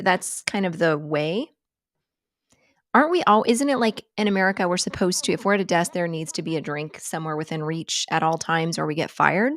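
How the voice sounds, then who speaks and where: A woman hosting a relaxed live chat show in a rambling, jokey, self-mocking way, laughing often. Her voice sits a little low for a woman. The sound is close and dry, with no room echo. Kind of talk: casual livestream chat.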